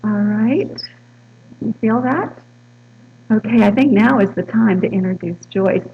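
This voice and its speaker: A woman's voice: mid-range voice, unhurried, narrow, tinny audio. A woman minister preaching a sermon and leading the congregation in bold affirmations. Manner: bold, rousing, leads call-and-response. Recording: distant mic with mains hum in a hall.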